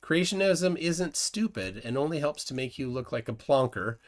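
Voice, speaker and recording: A man hosting a casual live stream, his pitch rising and falling. He reads viewer comments aloud and keeps questioning his guest. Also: lively intonation, normal speed. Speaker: host.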